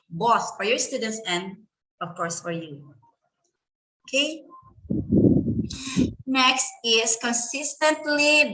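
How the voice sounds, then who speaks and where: Bright-toned Filipino woman lecturing teachers. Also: mid-range voice, low-quality recording. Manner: rhetorical questions, frequent "okay". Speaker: teacher trainer. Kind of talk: conference lecture.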